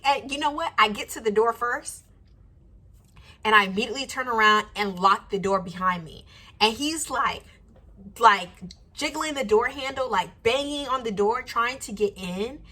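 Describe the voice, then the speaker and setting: A young woman in her twenties chatting to camera, telling a personal story with lively quoted voices. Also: a little high, slightly rough. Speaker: YouTuber. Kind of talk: casual storytime vlog. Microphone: camera mic, sitting to camera.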